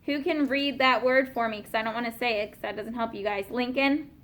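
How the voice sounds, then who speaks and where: A woman teaching a class of young students, patiently asking questions and slowing down to spell out and explain words. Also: a little high, fairly bright tone.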